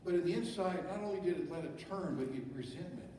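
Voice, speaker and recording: A man's voice: sits high, quick pace, few pauses, a little mellow, slight background noise. A middle-aged man pastor preaching a sermon, talking conversationally and asking the congregation rhetorical questions. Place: church sanctuary. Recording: echoey church hall from far off.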